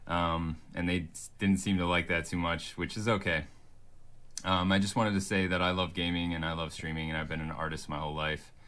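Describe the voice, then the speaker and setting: A man speaks straight to camera, stopping often on fillers as he explains himself. His voice is very low yet bright and forward. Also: little pitch movement, brisk. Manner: hesitant, filler-heavy. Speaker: NFT artist in a clip. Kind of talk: talking-to-camera explanation video.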